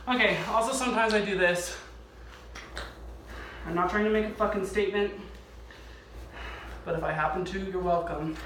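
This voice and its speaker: In his home garage, a tap dancer gives a casual, rambling lesson, often swearing and poking fun at himself. His voice is high-pitched, and the echoey room fills with the loud clatter of tap shoes clicking on the floor, making for a noisy background.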